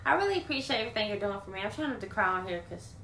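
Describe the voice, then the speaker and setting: A young woman talks straight into her phone on a livestream, venting bluntly and swearing freely between thanks to viewers. Her voice sits at a middle pitch. The room gives it a noticeable echo. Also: expressive, very fast, pushed and bright, a little hiss or hum. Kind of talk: casual livestream chat. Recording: roomy echo.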